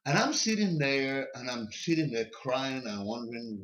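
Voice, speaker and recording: A man who is a podcast guest, telling a personal story in a casual, animated way and often repeating words, recorded in a basement. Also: mid-range voice, normal speed, dull audio, a little hiss or hum.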